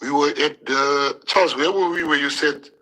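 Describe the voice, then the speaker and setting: Husky, emotional man. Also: on the high side, fairly even intonation, pushed and bright, low-quality recording. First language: Afrikaans. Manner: emotional, halting, repeats words. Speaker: politician. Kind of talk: impassioned public address.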